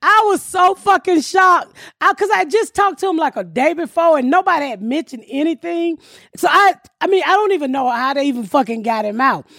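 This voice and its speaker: A woman's voice: sits high, brisk, no echo, studio quality. A middle-aged woman, telling a story on a podcast with a lot of swearing and laughter. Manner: profane, animated storytelling with laughter. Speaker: podcast host. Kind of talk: casual storytelling chat.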